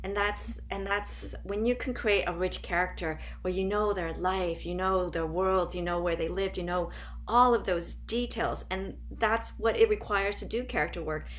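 A woman's voice: medium pitch, slight background noise. A woman improviser speaking on a panel, reflective and searching for words as she talks. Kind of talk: panel discussion.

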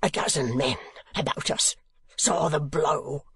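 A man reading aloud, voicing a drunken, furious nobleman with a thick, hoarse voice that rises high and breaks into rasping whispers. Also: extremely slow, a bit bright, dry recording, exaggerated voice. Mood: enraged.

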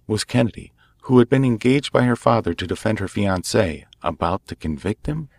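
A man narrating a classic detective story aloud in a measured, steady storytelling manner. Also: on the low side, no room sound. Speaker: audiobook narrator.

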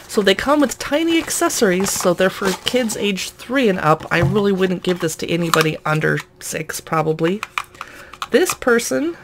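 A woman talks through a toy unboxing in a relaxed, chatty way, amused by what she pulls out. Her voice sits at an ordinary middle pitch. The recording carries clear background noise, as from a simple home setup. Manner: amused, chatty, laughs at the toys. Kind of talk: casual unboxing narration.

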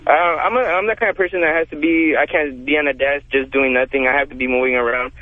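A young man calling a radio show for career advice, polite and hesitant, with halting speech. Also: on the high side, steady tone. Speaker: caller. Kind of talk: phone-in call. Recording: tinny phone line, dry.

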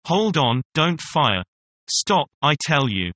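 A man's voice: a little high, sing-song, slow, pushed and bright, dry recording, heavily acted. A man voicing a tall young frontier captain in a storybook reading, speaking firmly and commandingly. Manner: firm, commanding.

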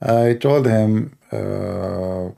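Male apologist, mellow, gravelly voice, dry sarcastic delivery. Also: fairly low pitch, very slow. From Middle East. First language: Arabic. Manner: sarcastic, mocking. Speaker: Christian apologist. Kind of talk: mocking commentary and anecdotes.

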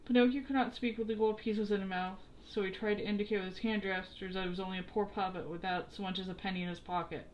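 A woman reading a children's story aloud in a steady, expressive way. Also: mid-range voice, fast talker, hardly any pauses, a little hiss or hum, rough recording. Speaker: storybook reader.

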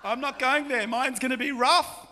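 A man with an Australian accent preaching a lively, joking sermon as pastor, often shouting, in a large church hall. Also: extremely high pitch, normal speed, noisy background. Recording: long church hall reverb.

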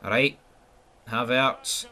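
A man with a Scottish accent giving live, foul-mouthed gameplay commentary, swinging between excited yelling and glum muttering. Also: medium pitch, very slow. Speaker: gaming channel host.

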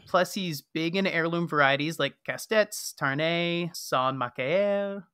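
A man's voice: a little high, a little slow, bright, forceful tone, clean tone, dry recording, clean studio sound. A man co-hosting a wine podcast, explaining things in a wry, casual way. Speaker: podcast co-host. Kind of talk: casual chat.

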